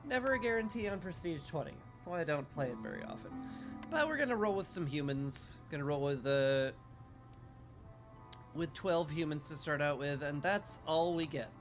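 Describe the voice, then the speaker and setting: A man chatting casually over a live strategy game, his voice sitting a bit above the usual male range. He sounds relaxed and dry, dropping frequent "uh" fillers between thoughts. Clear game music plays underneath him throughout. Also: on the high side, moderate pace. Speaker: streamer playing a strategy game.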